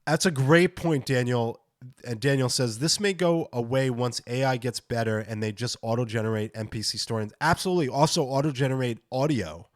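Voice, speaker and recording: A man chatting on a gaming podcast, eager and rambling, his voice pitched in an ordinary middle range. The sound is dry and close, with no room echo. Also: fairly quick. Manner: enthusiastic, rambling, reacting to clips. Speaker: podcast host. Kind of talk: casual gaming podcast chat.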